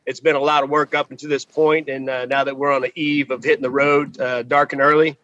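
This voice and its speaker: A man from Texas, guest on a barbecue podcast, chatting in a relaxed way with many pauses, on a video call from outdoors. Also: medium pitch, lo-fi sound. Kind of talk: casual podcast conversation.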